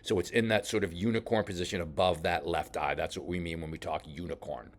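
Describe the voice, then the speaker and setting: A man coaching a boxer while reviewing fight footage, talking casually with many halting restarts. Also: low voice, fairly even intonation. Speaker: boxing coach. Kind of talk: film study commentary.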